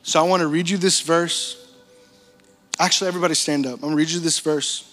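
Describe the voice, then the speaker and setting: A young man preaching, telling his story in an animated, casual way with slang and frequent laughter. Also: fairly high pitch, fast talker. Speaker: pastor. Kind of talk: sermon testimony. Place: large church hall. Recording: church hall reverb with music.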